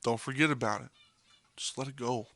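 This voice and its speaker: A man's voice: medium pitch, fairly even intonation, brisk, pushed and bright, no room sound. A young man hosting a podcast, delivering an intense monologue that swears freely and hammers points home by repeating them. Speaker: podcast host.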